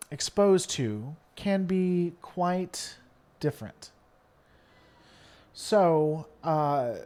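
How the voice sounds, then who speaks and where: Man with a light southern twang, streamer chatting casually, answers his chat, lots of ums and restarts, a bit high-pitched. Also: a little mellow. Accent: mild Southern American twang at times. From Tennessee, American South. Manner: rambling, many fillers and restarts, talks to chat. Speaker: live stream host. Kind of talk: casual live-stream chat reading viewer comments.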